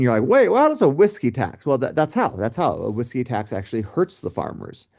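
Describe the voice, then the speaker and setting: A male teacher talks through a recorded history lecture in a relaxed, joking way. His pitch moves a lot, rising and falling through every sentence. He keeps throwing in asides to his students.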